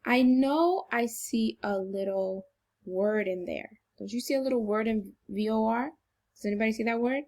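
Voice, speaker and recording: A woman teacher giving a recorded phonics lesson to children, slow, encouraging and deliberately exaggerated. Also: on the high side, darkish tone.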